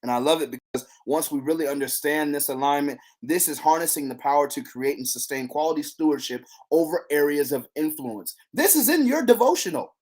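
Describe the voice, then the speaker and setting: An excitable devotional leader teaches a faith challenge to camera in a medium-pitched voice, brisk and with few pauses. They break into bursts of praise and repeat lines for emphasis, recorded on a handheld camera.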